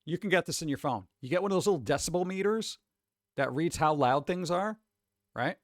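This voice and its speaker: On a live stream, a man with a fairly high pitch and lively intonation reacts to posts at a fairly quick pace. He's loose and profane, rambling and frequently restarting, in a dry, studio-quality recording.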